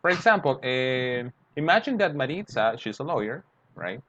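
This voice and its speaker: A man's voice: medium pitch, very animated, moderate pace, a bit bright. A man teaching English grammar, explaining step by step and acting out short example dialogues. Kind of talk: grammar lesson. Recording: dull lo-fi sound, faint noise.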